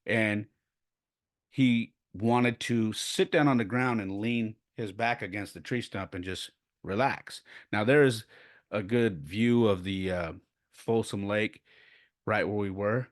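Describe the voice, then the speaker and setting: A man's voice: on the low side, slow, no echo, studio quality. Man in his forties telling stories. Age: 40s. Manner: animated storyteller who acts out quoted voices; turns quiet and subdued when speaking of loss. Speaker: podcast host. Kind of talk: casual personal storytelling.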